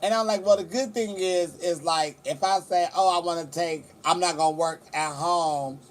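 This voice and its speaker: A man's voice: a little high, steady tone, normal speed, slight background noise. A man in his forties from California, chatting casually and profanely to camera in a vlog outdoors at the beach. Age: 40s. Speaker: vlogger. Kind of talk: casual chat.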